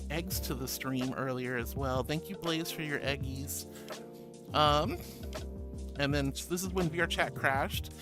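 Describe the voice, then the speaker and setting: Bubbly American woman streamer, music behind. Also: deep voice. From born in Australia, raised in the US. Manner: sweet, doting, calls viewers sweetie and honey; giggly and bubbly. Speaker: VTuber streamer. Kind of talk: live stream, reading chat aloud. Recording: background music under the voice.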